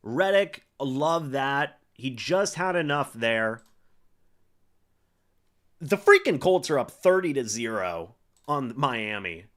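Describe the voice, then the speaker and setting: A young man hosting a live stream, reacting to a football game and calling plays in an excitable way, full of fillers. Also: medium pitch, slow, pauses often. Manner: excitable play-by-play with frequent fillers.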